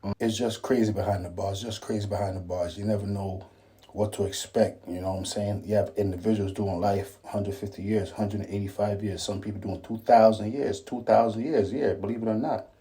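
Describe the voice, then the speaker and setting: A man's voice: fairly low pitch, steady tone, fairly quick, mellow. A man hosting a reaction commentary, repeating phrases and lecturing about street life. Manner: repetitive, preachy, says "believe it or not". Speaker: commentary host.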